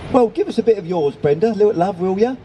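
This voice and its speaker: A man reading a story, voicing a feisty elderly grandmother in a high, shrill voice. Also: animated, quick pace, highs cut off, a little hiss or hum. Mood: excited. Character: feisty old London nan, excitable.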